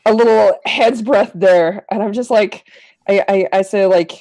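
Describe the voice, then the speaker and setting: A woman's voice: mid-range voice, moderate pace, warm tone, no echo, poor audio. A woman playing a tabletop roleplaying game, talking casually with many fillers and stammers. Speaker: player. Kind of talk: actual-play roleplay chat.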